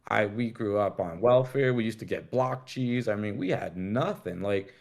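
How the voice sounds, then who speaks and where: Middle-aged american guy, low voice, rambling casual stories, swears a lot. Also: animated, moderate pace. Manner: rambling and candid, swears freely, acts out quoted voices. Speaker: guest. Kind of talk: casual storytelling interview.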